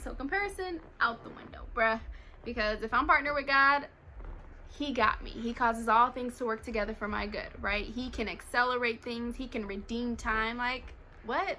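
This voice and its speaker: A woman's voice: a little high, bright, forceful tone, slight background noise, rough recording. A woman giving a casual devotional talk to her viewers, speaking with passion and earnestness and often laughing between phrases. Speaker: faith vlogger.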